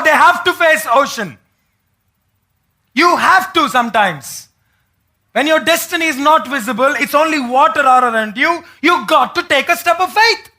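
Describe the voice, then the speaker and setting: High-voiced pastor preaching. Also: male voice, bright, forceful tone. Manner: preaching with rhetorical questions to the congregation; acts out the words of biblical figures. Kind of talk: sermon. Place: church.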